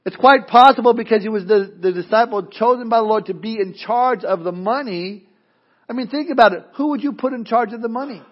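A man with a high voice preaches a sermon in a loose, conversational way, breaking into asides and playful mock voices. The recording sounds dull and lo-fi. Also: a little fast. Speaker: pastor.

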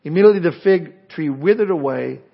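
Older male pastor, high animated voice. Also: brisk, vocal fry, breathy edge. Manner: animated, conversational preaching with frequent restarts. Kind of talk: sermon. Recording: dull lo-fi recording.

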